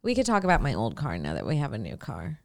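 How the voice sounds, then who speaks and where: Woman, casual podcast chat, crude storyteller, acts out dialogue, very animated pitch, laughs a lot. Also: quick pace, vocal fry.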